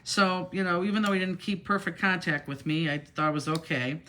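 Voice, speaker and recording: Bright-voiced chatty woman craft teacher. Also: fairly low pitch, brisk, slight background noise. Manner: chatty and rambling, acting out other people's words. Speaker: crafting instructor. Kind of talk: casual storytelling while teaching a craft live.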